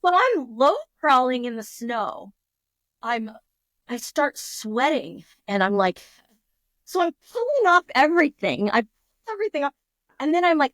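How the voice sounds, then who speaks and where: A woman guest on a podcast, telling a story in a lively, casual way and acting out her own thoughts in quotes. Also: high voice, unhurried, no room sound.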